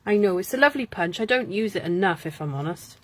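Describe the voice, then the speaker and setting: Fast and expressive at a medium pitch, with background noise behind her, a woman hosts a casual card-making livestream. She talks, mumbles to herself and laughs during the work.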